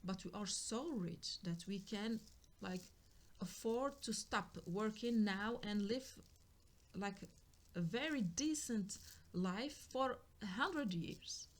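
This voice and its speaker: A woman's voice: medium pitch, animated, takes it slowly. A woman voicing a wealthy man who is walking out on his partner, blunt and clipped as he insists on leaving now. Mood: lecturing.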